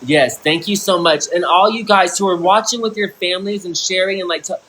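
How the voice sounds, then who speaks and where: A man's voice: sits high, brisk, a bit bright, a little hiss or hum, rough recording. A man in his thirties livestreaming a rambling, intense monologue, swearing often and restarting his sentences. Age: 30s. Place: indoor room.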